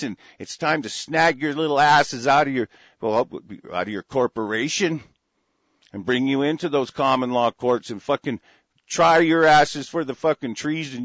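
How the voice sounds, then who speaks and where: A man's voice: medium pitch, a bit bright, no room sound, highs cut off. A man from the United States ranting angrily to his audience, cursing constantly and restarting his sentences often. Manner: angry, profane, repetitive with frequent restarts. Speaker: political commentator.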